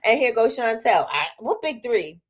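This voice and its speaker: Lively laughing woman host. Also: a little high, normal speed. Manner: lively, laughs often, talks straight to viewers with slang. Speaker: host of a small-business livestream. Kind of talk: casual advice chat to live viewers.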